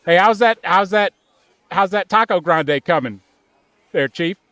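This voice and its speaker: A man's voice: animated, unhurried, fairly bright tone, no echo. A man doing a bumbling, flustered cop. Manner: rambling, stammering, jumping up in pitch. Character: bumbling lazy male police officer. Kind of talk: improv comedy.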